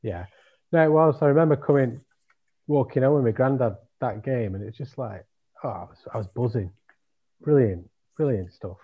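A man's voice: medium pitch, normal speed, slightly rough. A man, fondly reminiscing and easily amused in casual football fan chat. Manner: fond, nostalgic, easily amused. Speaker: podcast co-host. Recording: dull lo-fi audio.

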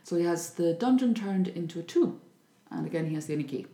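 Woman, casual storyteller, animated delivery, roomy echo. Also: on the low side, quick pace. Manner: lively, acts out voices. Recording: echoey room.

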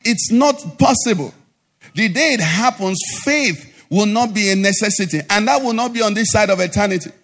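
A male pastor preaches in a high, slightly bright voice at normal speed, using call-and-response and asking the congregation to finish his sentences. His delivery turns sing-song and rising at the climaxes. It's recorded live in a church hall, with reverb and faint music behind him.

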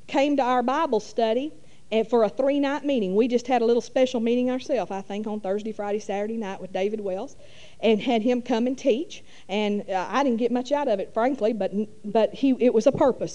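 A woman's voice: fairly high pitch, a little fast, warm tone, dull audio. Folksy woman telling her testimony. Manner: folksy rambling with many fillers. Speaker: church speaker. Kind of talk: testimony storytelling.

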